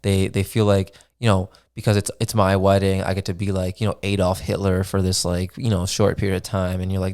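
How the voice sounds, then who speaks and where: A man's voice: deep voice, steady tone, fast, darkish tone. Laid-back swearing man telling a story. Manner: laid-back, swears freely, many fillers like "dude" and "man". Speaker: podcast host. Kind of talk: casual solo podcast storytelling.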